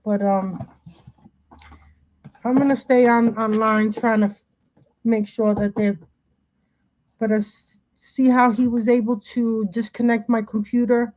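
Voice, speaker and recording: A woman's voice: a little high, fairly even intonation, unhurried, pauses often, a little mellow. Agitated, rambling middle-aged woman livestreaming. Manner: agitated, rambling, restarts often. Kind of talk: casual livestream talk. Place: home.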